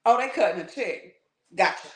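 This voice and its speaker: Blunt, sarcastic woman with a lively voice. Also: medium pitch, normal speed. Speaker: spiritual vlogger. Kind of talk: animated casual commentary. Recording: roomy echo.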